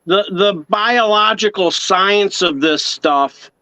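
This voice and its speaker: A man in casual chat, speaking haltingly and repeating words as he agrees. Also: high voice, pushed and bright, no room sound. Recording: dry, dull lo-fi sound.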